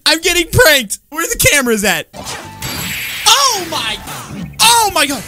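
A woman commenting on her own gameplay, excitable and slangy, often yelling at the screen. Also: high-pitched, a little slow, long pauses. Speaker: gaming channel host. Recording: loud game music behind voice. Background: game music.

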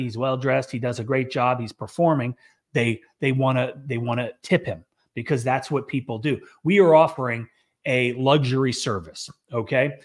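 A middle-aged man, a business owner, chatting casually on a show and rambling with lots of restarts and fillers. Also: mid-range voice. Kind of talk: casual chat.

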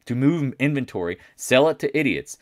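A man's voice: medium pitch, lively intonation, moderate pace, dry recording, clean studio sound. A man hosting a casual market recap, talking bluntly and boastfully, with mocking asides. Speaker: market commentary host.

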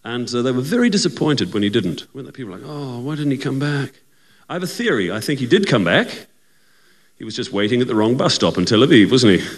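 A man's voice: medium pitch, very animated, quick pace. A man doing a stand-up comedy routine in a chatty, teasing manner, often asking the audience to agree.

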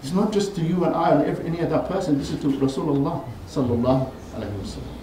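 A man giving a Friday sermon in a mosque, telling stories animatedly and rising in pitch and force when he quotes people. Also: racing, noisy background. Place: mosque prayer hall. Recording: very echoey hall, voice from far off.

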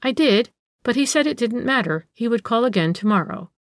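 A woman voicing a pert, sharp-tongued young woman in a storybook reading, with retorts that are acid and quick to answer back. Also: a little high, expressive, no echo, clean studio sound, pitched above the performer's own voice, lightly acted.

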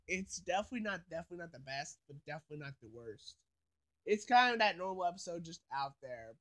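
A man's voice: high-pitched, a bit bright. A man giving a casual, rambling review of a cartoon episode, sleepy and yawning, padded with filler phrases.

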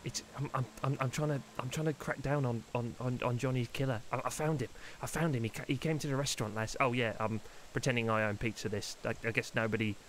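A man's voice: medium pitch, steady tone, fast talker, hardly any pauses, a bit bright, a little hiss or hum. A man playing a bumbling detective who stammers and rambles, sometimes faking a silly Italian pizza-man voice. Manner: stammering, rambling, jokey mock-Italian words. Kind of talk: roleplay in a game.

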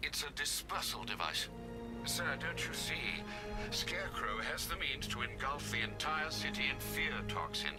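A man's voice: mid-range voice, animated, moderate pace, close to an everyday voice. An actor playing a loyal, worried older male butler who speaks formally and pleads in a video game. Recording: game audio under loud music.

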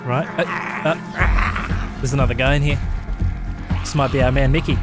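A man's voice: mid-range voice, fairly even intonation, unhurried, long pauses, over loud music. A man with an Australian accent, streaming a game and throwing out brash, profane trash talk. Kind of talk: gaming stream commentary.

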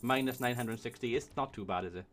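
A man gives excitable gameplay commentary, swearing often and talking to himself as he plays. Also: mid-range voice, fast talker. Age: 20s. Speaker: let's play host.

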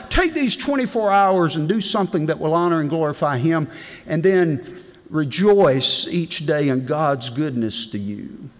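A middle-aged man preaching a devotion in a folksy storytelling manner, swinging between loud and hushed delivery. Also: on the high side, sing-song, a little slow. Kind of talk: sermon. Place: large legislative chamber. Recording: long reverb in a big hall.

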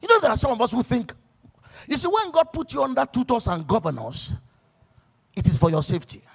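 A man's voice: very high voice, wildly swooping pitch, a little fast, vocal fry, breathy edge. A man, a pastor preaching a sermon to church workers in a church, emphatic as he weaves stories and scripture quotes.

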